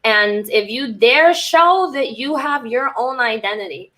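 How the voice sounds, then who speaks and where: A woman's voice: on the high side, lively intonation, a little slow, pushed and bright. A woman podcast host and cult recovery coach in a candid, rambling casual monologue who swears freely.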